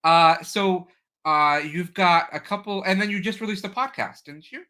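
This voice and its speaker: American man, show host, bright tone, slightly high voice, enthusiastic casual chat, video call. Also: normal speed. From United States. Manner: enthusiastic, easily amazed.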